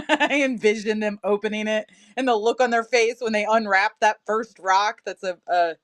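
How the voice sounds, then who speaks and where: A woman's voice: medium pitch, fairly even intonation, moderate pace. A woman in her thirties selling crystals on a livestream, chatting casually and laughing often. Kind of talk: casual live-sale chat.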